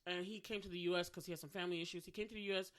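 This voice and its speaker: A woman with a bright, forceful voice co-hosts a casual podcast chat. She talks in long, animated runs and laughs often. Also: on the low side, rapid-fire. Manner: chatty, animated, laughs while mimicking accents. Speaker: podcast co-host.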